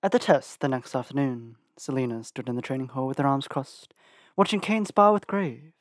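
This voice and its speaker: A man narrating an audiobook with an expressive reading and lively shifts in pitch. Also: normal speed, no echo, clean studio sound. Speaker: audiobook reader.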